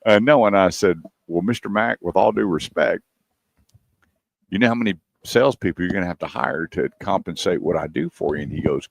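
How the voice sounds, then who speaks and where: A man's voice: low voice, big pitch swings, moderate pace, gravelly, no echo, clean studio sound. A man hosting a radio talk show, telling a long story in a casual way and acting out the dialogue of the people in it. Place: radio studio.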